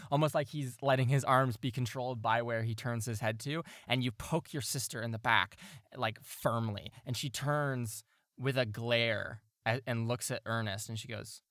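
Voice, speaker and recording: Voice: medium pitch, fairly even intonation, normal speed, a bit bright, dry recording, clean studio sound. A game master narrating a tabletop game, rambling with lots of fillers and frequent laughs.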